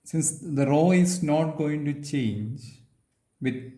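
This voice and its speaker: A man giving a physics lecture, pausing often with fillers and restating points as he writes. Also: a little high, lively intonation, warm tone, roomy sound. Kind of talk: physics lecture while writing on a board.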